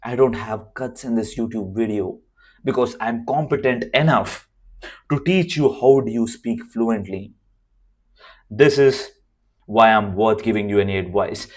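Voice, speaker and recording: A man with a worn, hoarse voice giving an unscripted to-camera lesson as a communication coach, emphatic and repeating his key phrases. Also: lowish voice, a little slow.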